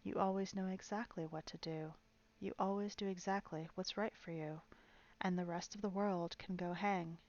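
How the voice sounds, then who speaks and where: A woman voicing a newborn baby girl who speaks in a flat, reproachful way. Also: fairly low pitch, moderate pace, highs cut off, close to an everyday voice.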